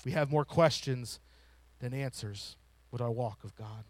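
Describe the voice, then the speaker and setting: A man preaching a sermon, rising to loud emphatic lines and falling to soft hushed ones. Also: mid-range voice, unhurried, no echo. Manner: drops to a whisper to show a still small voice.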